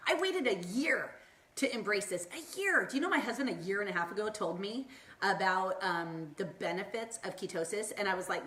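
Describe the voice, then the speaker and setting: This wellness vlogger from Southern California has a medium-pitched, fairly bright voice and speaks at a moderate, animated pace. Bubbly and motivational, she hosts a Facebook Live chat from an echoey room through a phone or laptop mic, wandering onto tangents and performing the voices she quotes.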